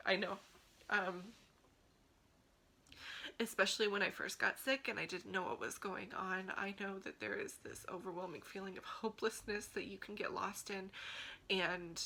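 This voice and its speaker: Earnest woman with a bright, forceful voice. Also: mid-range voice, vocal fry, rough recording. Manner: earnest, pleading, encouraging. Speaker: vlogger. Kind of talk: heartfelt talk to camera.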